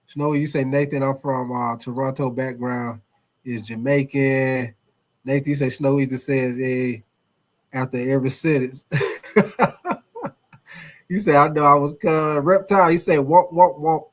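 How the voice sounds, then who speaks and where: A man's voice: medium pitch, steady tone, moderate pace, pauses often. A man hosting a casual sports livestream, reading chat comments aloud in a loose, repetitive way, swearing and laughing often.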